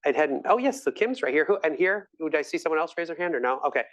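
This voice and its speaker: Lively doctor guy fielding questions, telling stories, laughs a lot, kinda high voice. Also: fast talker. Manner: enthusiastic, warm storytelling with laughs. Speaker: presenting physician answering questions. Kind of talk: live grand rounds Q&A.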